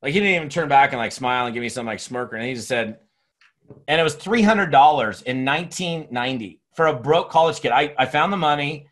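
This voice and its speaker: A man in his fifties giving a motivational sales training talk, telling stories in an energetic, chatty way full of restarts. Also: medium pitch, brisk. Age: 50s. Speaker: network marketing speaker and trainer. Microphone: webinar recording.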